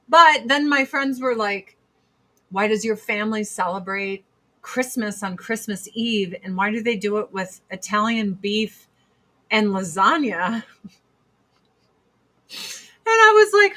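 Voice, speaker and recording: A woman hosting a podcast, ranting in a casual, profane, heated way with sudden loud outbursts. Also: mid-range voice, measured pace. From United States. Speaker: podcast host.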